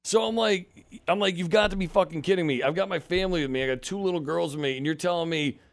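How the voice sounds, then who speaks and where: A man in his thirties tells a story on a podcast, his voice pitched a little high for a man. He swears freely and acts out each exchange with heat. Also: fast, vocal fry. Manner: profane, animated, acts out quotes. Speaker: podcast host. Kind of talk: casual storytelling.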